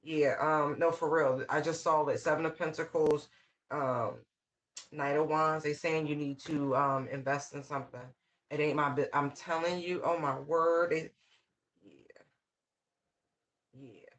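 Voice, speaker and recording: A man's voice: a little high, fairly even intonation, measured pace, fairly bright tone. A man giving a casual, channeled tarot reading in loose, slangy, rambling talk full of fillers. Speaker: tarot reader.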